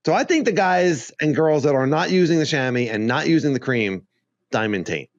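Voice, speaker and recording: A man's voice: on the high side, animated, moderate pace. A man chats casually on a podcast, rambling from one thought to the next and breaking into laughter at his own jokes. The recording is muffled and lo-fi, with a dead, dry sound and no room echo. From Arizona. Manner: rambling, joking, laughs often. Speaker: podcast co-host. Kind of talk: casual chat.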